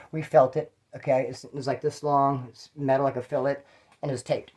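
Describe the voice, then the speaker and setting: A man's voice: medium pitch, little pitch movement, fairly quick, dark tone. A man from California telling stories in a casual, rambling way, full of street slang and swearing. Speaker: channel host telling prison stories. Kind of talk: casual storytelling.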